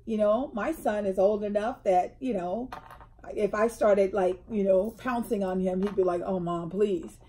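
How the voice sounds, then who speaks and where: A woman's voice: medium pitch, normal speed, slight background noise. A middle-aged woman co-hosting a casual chat, telling stories and acting out the people in them. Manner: animated storyteller, acts out quotes. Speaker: co-host. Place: indoors, tea table chat.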